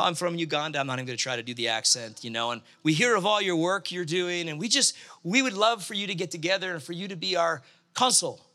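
This sermon comes from a man whose voice is fairly high, very bright, and strong. Animated from start to finish, he acts out the people in his story by giving them their own voices.

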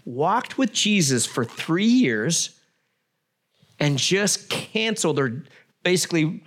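A man's voice: a little high, very animated, slow pace, fairly bright tone. A middle-aged man preaching a sermon, reading scripture aloud and adding conversational, joking asides. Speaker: pastor.

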